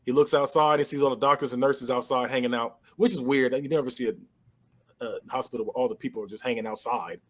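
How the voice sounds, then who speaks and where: With a medium-pitched voice and a fairly quick delivery, a man recaps a movie during a casual podcast chat. He brings the story to life by acting out the characters' lines, laughing as he goes.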